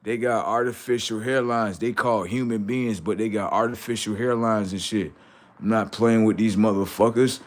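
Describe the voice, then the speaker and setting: A man in a comedy skit, reacting with loud, incredulous, profane outbursts. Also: on the low side, steady tone, normal speed.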